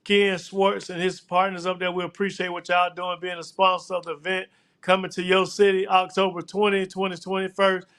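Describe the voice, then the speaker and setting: High, bright host with a laid-back drawl. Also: male voice, completely flat delivery, clear, resonant tone. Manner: casual, drawn-out, repeats "man" and "look here". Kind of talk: live show interview.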